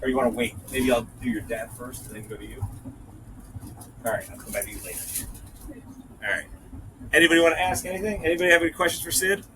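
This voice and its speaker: A man hosting a casual audience Q&A, chatty and quick to laugh. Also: medium pitch, background noise. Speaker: podcast host and moderator.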